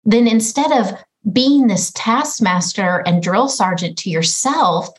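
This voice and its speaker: A woman's voice: mid-range voice, animated, slow, low-quality recording. A middle-aged mother talking earnestly as a podcast guest, often acting out her own inner voice. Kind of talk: reflective conversation.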